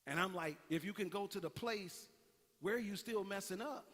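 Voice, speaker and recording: Animated high-voiced preacher in a reverberant church. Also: male voice, moderate pace. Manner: animated storytelling, acting out characters. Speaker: pastor. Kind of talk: sermon. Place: church sanctuary. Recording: long hall reverb.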